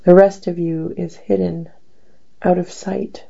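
A woman giving a poetry reading of her own poems, with a slow, deliberate and dramatic delivery. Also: on the low side, flat delivery, gravelly, dark tone, husky. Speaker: poet. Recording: dull lo-fi recording.

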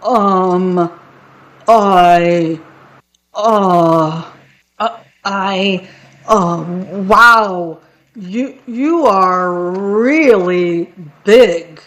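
A woman voicing a hungry, boastful male troll in a picture book read-aloud, with a drawn-out, greedy way of talking. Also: fairly low pitch. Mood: stammering. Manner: drawn-out, greedy, then stammering.

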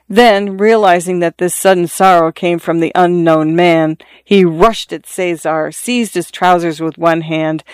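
A narrator reading a story in a measured, even way. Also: medium pitch, clear, resonant tone, dry recording. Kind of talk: audiobook narration.

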